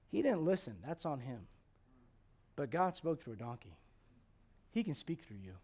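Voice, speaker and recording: High-voiced preacher man, loud then hushed. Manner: swings from loud preaching to hushed, with joking asides and laughs. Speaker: pastor. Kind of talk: sermon.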